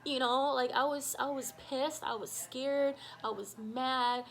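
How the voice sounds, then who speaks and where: A woman telling a personal story in a casual vlog, animated and full of fillers, acting out what people said. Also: high voice, unhurried, very noisy. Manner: animated, shouts quoted lines, many fillers. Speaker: storytime vlogger.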